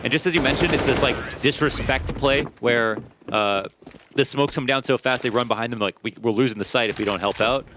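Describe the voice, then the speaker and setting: A man gives casual color commentary on an esports match, slangy and joking, at an average pitch. Clicks and gunfire from the game sit clearly beneath his voice. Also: brisk. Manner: casual, slangy, jokey analysis. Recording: noisy game audio behind.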